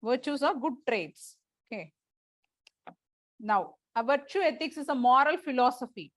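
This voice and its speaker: A woman's voice: high-pitched, lively intonation, moderate pace, fairly bright tone. A woman teacher, dictating lecture notes to a class, repeating phrases and spelling out words letter by letter.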